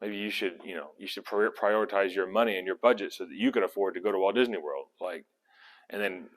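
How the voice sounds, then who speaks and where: A man's voice: deep voice, quick pace. A man teaching a casual Bible study in a conversational, rambling way, often correcting himself mid-sentence. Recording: long hall reverb.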